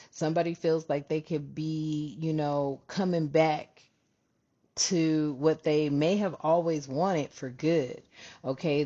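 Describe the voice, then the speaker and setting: A woman with a deep, slightly mellow voice gives her viewers a casual tarot reading, chatty and rambling and often breaking into laughter. The recording sounds dull and lo-fi.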